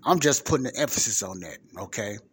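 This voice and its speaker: A man's voice: fairly low pitch, expressive, fast talker, slightly rough. A man hosting a podcast, giving emphatic commentary and putting questions straight to the listener. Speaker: podcast host. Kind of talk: casual commentary on a played clip.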